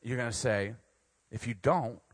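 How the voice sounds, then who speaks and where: A stern ex-soldier father lays down the law in firm, flat orders, as a man acts him out. He sounds calm and certain, not raising his voice. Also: mid-range voice, moderate pace, no room sound, clean studio sound, natural voice. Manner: firm, matter-of-fact orders.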